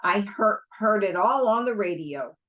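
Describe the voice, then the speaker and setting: A woman's voice: medium pitch, expressive, measured pace, a bit bright. A woman reading a nervous diner cook. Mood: placating. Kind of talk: audiobook character voice.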